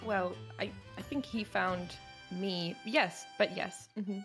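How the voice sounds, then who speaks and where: A woman's voice: mid-range voice, steady tone, takes it slowly, fairly bright tone, faint music behind. A woman playing a tabletop game, hesitant and unsure, with many fillers. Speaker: player. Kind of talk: casual tabletop play.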